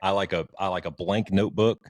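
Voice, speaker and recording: A podcast co-host with a deep, fairly even voice talks fast in a dry recording with no room sound. He rambles casually through book recommendations, restarting often and swearing mildly in an informal way.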